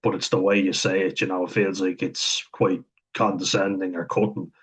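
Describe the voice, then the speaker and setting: A man talking casually to camera, thinking aloud with frequent chuckles and pauses. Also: low-pitched, little pitch movement, husky. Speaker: vlogger talking about autism. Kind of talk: casual unscripted monologue.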